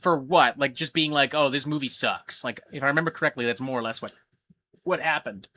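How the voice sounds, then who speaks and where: Animated, profane male livestream host. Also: medium pitch, brisk. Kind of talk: casual livestream chat.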